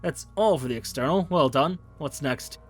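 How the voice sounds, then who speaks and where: A man reading as a calm detective lieutenant. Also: a little high, normal speed, slightly rough, faint music behind.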